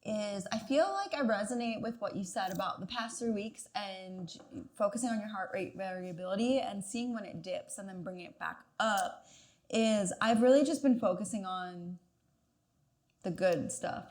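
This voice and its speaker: A woman hosting a podcast, talking in a relaxed, chatty way with "like" fillers. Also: mid-range voice, moderate pace. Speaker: podcast host. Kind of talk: casual podcast conversation.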